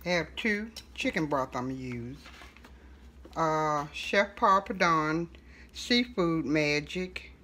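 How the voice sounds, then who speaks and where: A middle-aged woman hosting a casual home cooking tutorial, talking in a relaxed, chatty way with fillers and self-corrections. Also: sits low, slow, slight background noise. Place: home kitchen.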